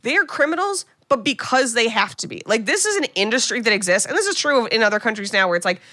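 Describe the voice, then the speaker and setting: A woman's voice: a little high, big pitch swings, fast, sharp tone, no room sound, clean studio sound. A young woman co-hosting a podcast, animatedly recapping a movie in casual, profane chat and acting out the lines. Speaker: podcast co-host.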